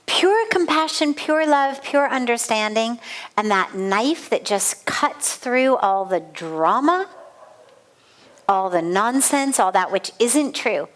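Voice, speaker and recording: A woman's voice: on the high side, expressive, slow, fairly bright tone. A middle-aged woman, a spiritual teacher, giving a satsang talk and telling a personal story with earnest, vivid emphasis and repeated phrases.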